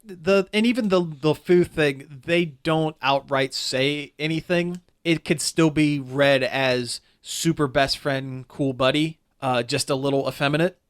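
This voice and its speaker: A man's voice: a little high, unhurried, few pauses, clean tone. A man on a casual podcast, rambling through a critical movie review with lots of restarts. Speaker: podcast co-host. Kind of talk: casual chat.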